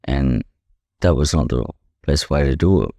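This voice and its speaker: A young Australian man with a very deep, low-pitched voice and a dark, mellow tone. He tells his story as a podcast guest in plain, blunt language, swearing freely and leaning on "you know" after most phrases. The recording is dry and close, with no room sound. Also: expressive, moderate pace, vocal fry, dry recording. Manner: blunt and profane, leans heavily on "you know". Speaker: podcast guest, professional boxer. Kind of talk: candid conversational storytelling.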